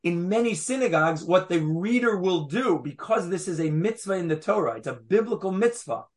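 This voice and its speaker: A man lecturing a study group at an easy pace. his voice sits a touch high, and he comes back to his points, restating them with small asides as he goes. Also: lively intonation, fairly quick. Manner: patient, repeats phrases, fond of asides. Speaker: Torah teacher. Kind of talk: explanatory class lecture.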